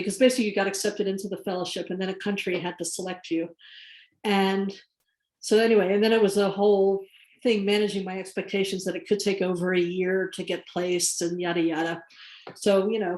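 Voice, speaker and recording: A woman guest speaker telling lively anecdotes about her career, laughing now and then. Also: medium pitch. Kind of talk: career story told to an audience. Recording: echoey room.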